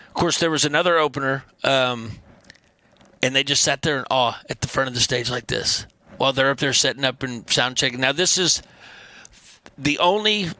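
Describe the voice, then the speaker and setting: A man guesting on a podcast, telling animated, profane band stories in casual chat. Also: medium pitch, dry recording. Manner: animated, profane, acts out quotes in loud voices. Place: podcast studio.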